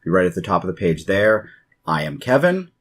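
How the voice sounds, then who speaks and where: Low-voiced man hosting a podcast. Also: sing-song, fairly quick, creaky, breathy edge. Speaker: podcast host. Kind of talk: casual podcast chat. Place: room shared with co-hosts.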